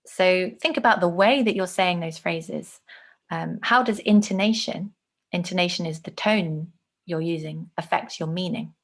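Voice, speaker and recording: A woman teaching an online lesson, explaining clearly and showing examples with her own voice. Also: on the low side, a little slow.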